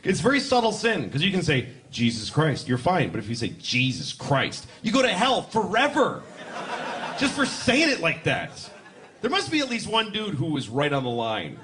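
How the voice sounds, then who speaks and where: A man performing a stand-up comedy routine in front of a live audience, animated and acting out characters as he goes. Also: sits high, a little fast, a little hiss or hum. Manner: animated, acts out characters in voices. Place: large venue with a live audience.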